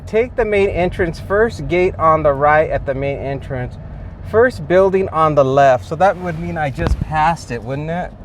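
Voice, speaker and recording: A man talking casually to camera while out on delivery runs, chatty and full of fillers and chuckles, recorded inside a car. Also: fairly high pitch. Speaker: delivery driver vlogger. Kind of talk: casual ride-along narration. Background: faint car and street noise.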